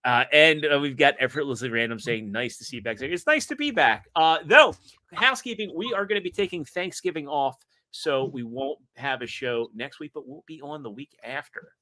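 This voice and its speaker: A man's voice: fairly high pitch, normal speed, pushed and bright. A man hosting a casual podcast, rambling through a joke and reading out viewer chat. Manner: rambling, joke-telling, reads chat aloud. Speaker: podcast host.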